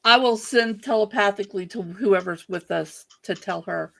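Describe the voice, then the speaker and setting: A player in a tabletop game, speaking slowly and deliberately. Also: medium pitch, creaky, a bit bright. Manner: slow, deliberate.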